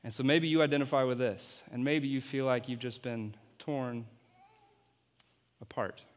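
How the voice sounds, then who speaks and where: A man leads an object-lesson sermon in a large hall, with his words ringing out in long reverb. His voice sits at an ordinary pitch, and he jokes with and coaches the volunteers beside him in a playful way. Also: fairly even intonation, moderate pace.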